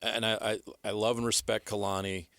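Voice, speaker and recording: A man's voice: fairly low pitch, level tone, fairly quick, creaky, a bit bright, no echo. A man co-hosting a sports radio show, arguing his point and pressing harder as he goes. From United States. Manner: argumentative, rising and pressing as he makes his case. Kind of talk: opinionated sports talk.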